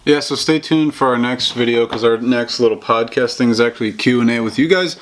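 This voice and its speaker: A man's voice: medium pitch, a little fast, slight background noise. A young man co-hosting a podcast, chiming in with short, casual remarks. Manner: short casual interjections backing up the story. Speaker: podcast co-host.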